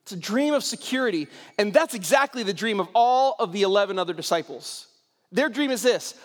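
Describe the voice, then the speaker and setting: A man's voice: high voice, lively intonation, brisk. A young adult man preaching a sermon, telling the story casually and animatedly as a pastor. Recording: long reverb in a large hall.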